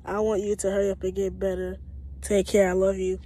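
Man, former student, high voice, flat, dark tone, short cheerful wishes. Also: fairly quick, a little hiss or hum. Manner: brief, cheerful well-wishing. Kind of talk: recorded video greeting.

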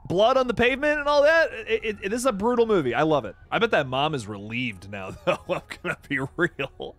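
A man giving casual, slangy commentary on a film, excitable and quick to joke. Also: medium pitch. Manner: excitable, jokey and slangy, with frequent laughs. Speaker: movie reviewer.

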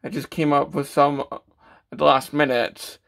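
Man, fairly high voice, casual toy review, stammering, lots of fillers. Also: level tone, normal speed, vocal fry, fairly bright tone, a little hiss or hum. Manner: stammering, with many fillers and restarts; self-deprecating, matter-of-fact.

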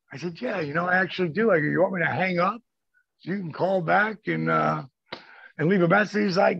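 A gravelly, husky older man spins profane, animated stories as an interview guest and acts out everyone he quotes. His voice is dry and a bit dull. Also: sits high, fairly quick, dry recording. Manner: profane, animated storyteller acting out quoted friends. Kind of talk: casual storytelling.

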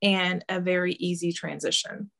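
A woman with a gravelly edge to her voice relays answers as a medium. She talks haltingly, with frequent ums and pauses, now and then breaking into laughter. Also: on the low side, steady tone, a bit bright. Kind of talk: channeling interview, relaying quotes.

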